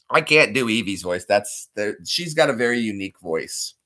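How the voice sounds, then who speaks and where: Lively, bright-voiced man chatting. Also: fairly low pitch. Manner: chatty, keeps slipping into character voices. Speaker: vlogger doing voice impressions. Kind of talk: casual chat.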